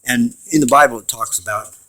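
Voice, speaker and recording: A man giving a rambling home video lecture, emphatic and swinging from loud to quiet. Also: mid-range voice, a little fast, poor audio.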